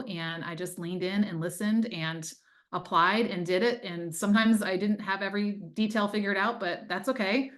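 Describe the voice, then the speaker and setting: A woman with a slightly low voice tells her story as an interview guest. She speaks earnestly and conversationally, with plenty of fillers. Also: fairly bright tone. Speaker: time management coach, guest. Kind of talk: testimonial interview.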